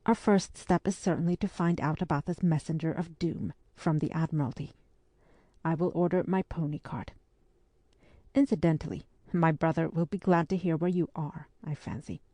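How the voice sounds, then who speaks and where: Brisk, commanding English spinster, read by a woman. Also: low voice, steady tone, mellow, no room sound. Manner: brisk, firm, teasing.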